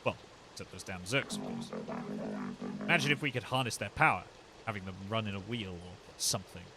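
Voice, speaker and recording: A man's voice: on the low side, animated, fairly quick, sharp tone, a little hiss or hum. A man voicing a lonely old male robot who grumbles wryly about visitors.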